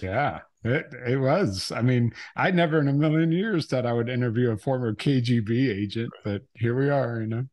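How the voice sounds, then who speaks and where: A man's voice: mid-range voice, moderate pace, few pauses, darkish tone. Chatty laughing male podcast guest. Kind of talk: casual interview chat.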